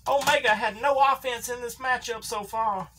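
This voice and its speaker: A woman's voice: fairly high pitch, fairly even intonation, moderate pace, pushed and bright, a little hiss or hum. A woman voicing a folksy Southern older male wrestling commentator, calling a toy figure match with a thick put-on drawl and country grammar. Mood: excited ringside. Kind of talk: comedic ringside commentary.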